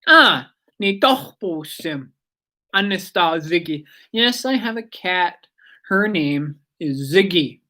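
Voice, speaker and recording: Slow-talking woman teaching vocabulary. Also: on the low side, a bit bright. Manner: chatty, digressive, repeats words slowly for learners. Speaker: language teacher on radio. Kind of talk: casual spoken language lesson.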